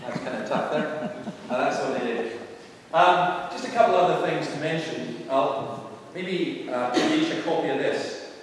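A man's voice: a little high, moderate pace, hardly any pauses, a little hiss or hum. A middle-aged man, a preacher telling earnest, conversational stories to a visiting group inside a large church building. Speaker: preacher and evangelist. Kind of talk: storytelling talk to a visiting tour group. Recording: echoey hall from far off.

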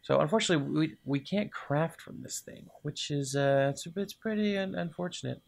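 A man's voice: on the high side, normal speed, creaky. A man casually commenting as he plays a game, talking to the items and muttering to himself, then cheering when things work. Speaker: gaming video host. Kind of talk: casual let's-play commentary.

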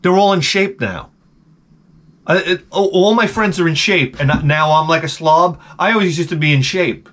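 A man's voice: fairly high pitch, normal speed, fairly bright tone. Profane, sarcastic New man rambling. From Long Island, New York. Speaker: vlogger. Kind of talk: casual rambling monologue.

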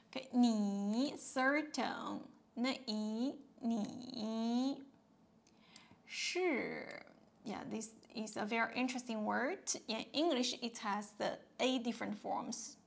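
A woman teaching a language lesson in a slow, unhurried way, with a slightly high voice that has a gravelly fry to it. She patiently repeats each word and tone, dropping in "yeah" and "okay" as she goes. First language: Mandarin Chinese. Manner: patient, repeats words and tones many times, fills with "yeah" and "okay".

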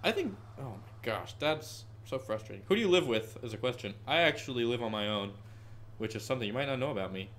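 Excitable 18-year-old male streamer, bright voice. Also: mid-range voice, quick pace, a little hiss or hum. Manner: chatty, bursts into excited frustrated yelps. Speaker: gaming streamer. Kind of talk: live stream gameplay commentary and Q&A. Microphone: headset with headphones.

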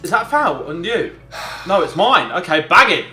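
Gaming YouTuber, male, excitable banter, bright tense voice in a roomy space. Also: high-pitched, moderate pace. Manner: excitable, shouts at goals, laughs a lot. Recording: roomy echo with game music behind.

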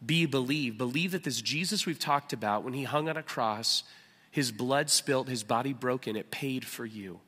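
A man preaching a sermon as pastor, animated and emphatic, with loud acted outbursts and a hushed, prayerful close. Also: mid-range voice, normal speed, husky. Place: church sanctuary. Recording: church hall with long reverb.

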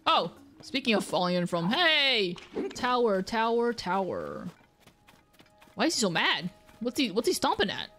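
Young woman, game streamer, casual commentary, swears a lot, bouncy pitch, faint music behind. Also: sing-song, fairly quick. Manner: chatty, swears, laughs and yells at the game. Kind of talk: live gameplay commentary.

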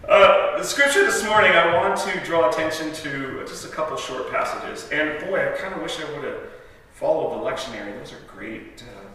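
A man preaching as a guest in a church sanctuary speaks with a fairly high, sharp voice, lively intonation, and normal speed. His storytelling sermon is conversational and full of self-interruptions and laughs at his own jokes, caught by a distant mic in an echoey hall.

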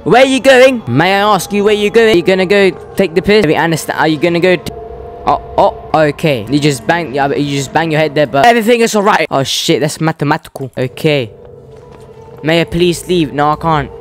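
A young-sounding man plays through a horror game, cursing and jumping at every scare. His voice sits high, and he talks back to the characters on screen. Faint music plays under him. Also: expressive, brisk. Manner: jittery, swearing, talking back to game characters. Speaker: gaming channel host. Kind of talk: horror game playthrough commentary.

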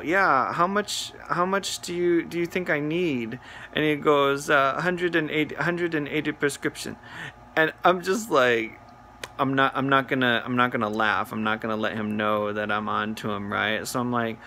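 Bright-voiced man telling a funny story. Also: mid-range voice, normal speed, slight background noise. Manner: animated, mimics voices while retelling. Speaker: comedian. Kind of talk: comedic storytelling to camera.

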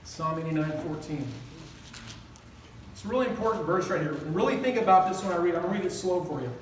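An older man preaching a sermon as pastor, passionate and quick, often asking the congregation questions. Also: very high-pitched, a little hiss or hum. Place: church hall. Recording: roomy echo, mic at a distance.

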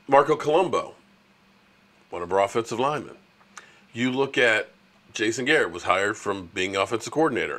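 A man with a lowish, fairly bright voice hosts a casual sports livestream, chatting with his viewers and ranting about rival fans.

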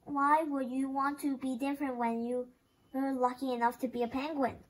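A kindly old penguin uncle, jolly and chuckling, fond of his niece, as a woman reader voices him. The voice sits high and friendly, as in a read-aloud picture book. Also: flat delivery, moderate pace, rough recording.

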